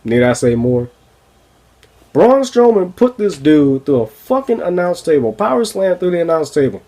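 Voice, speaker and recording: A man with a fairly high voice reviews wrestling results in a loose, casual rant. He swears often, sounds exasperated and breaks into laughter now and then. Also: very animated, normal speed, dark tone. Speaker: wrestling podcast host.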